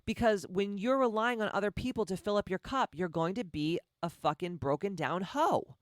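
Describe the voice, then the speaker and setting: A woman with a deep voice hosting a motivational podcast, blunt, profane and confrontational, firing off repeated rhetorical questions. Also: lively intonation, normal speed, no room sound, clean studio sound. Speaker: podcast host.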